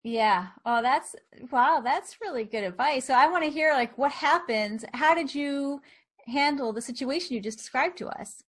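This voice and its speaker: A woman's voice: high-pitched, lively intonation, moderate pace, a bit bright. A woman hosting a podcast, giving brief encouraging replies and asking follow-up questions. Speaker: podcast host. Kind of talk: interview questions.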